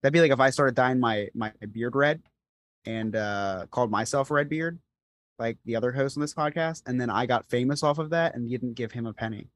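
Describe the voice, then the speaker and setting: A man's voice: mid-range voice, fairly quick, no room sound. Chatty man co-hosting a podcast. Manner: storytelling, repeats words while explaining. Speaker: podcast co-host. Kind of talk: casual chat.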